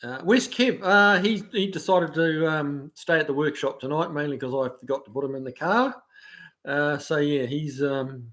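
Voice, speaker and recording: A New Zealand man hosting a casual livestream, easygoing and chatty, often laughing and pausing on fillers as he reads out viewer comments. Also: on the high side, fairly bright tone. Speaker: livestream host. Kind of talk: casual live chat, reading out viewer comments.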